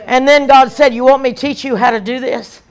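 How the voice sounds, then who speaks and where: A woman evangelist, preaching an emphatic, animated sermon with repeated lines. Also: high voice, a little fast, a faint crowd.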